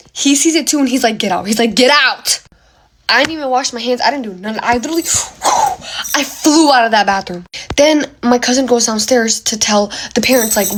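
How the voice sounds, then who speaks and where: A woman's voice: high-pitched, a little hiss or hum. A young woman casually telling a dramatic, slangy ghost story to her phone, gasping and exaggerating as she goes. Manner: animated, dramatic retelling with gasps and slang.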